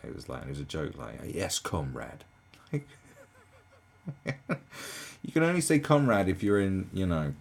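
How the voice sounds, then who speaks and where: Gravelly low-voiced man, mocking. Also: darkish tone. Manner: incredulous and mocking, with frequent laughter. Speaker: commentator reacting to a video. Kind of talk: casual reaction commentary.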